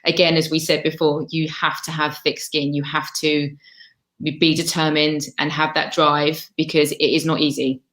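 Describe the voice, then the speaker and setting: A woman's voice: low voice, flat delivery, moderate pace, fairly bright tone. A woman speaking frankly as a guest on a webinar panel, heard over a video call. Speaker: panel guest, TV camera operator.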